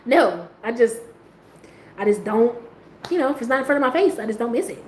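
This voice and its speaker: A woman talking casually, rambling in slang, laughing often and jumping into high squeals when she quotes herself. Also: fast. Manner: slang-heavy, rambling, trailing off quietly. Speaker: host. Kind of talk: casual chat. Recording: echoey room with faint ambient noise.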